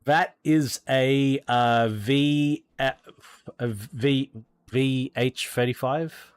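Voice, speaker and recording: Australian man, medium pitch, slow and chatty, hesitant fillers, game-stream commentary. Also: steady tone, clean tone, no room sound. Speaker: sim racing streamer. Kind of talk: casual gameplay commentary.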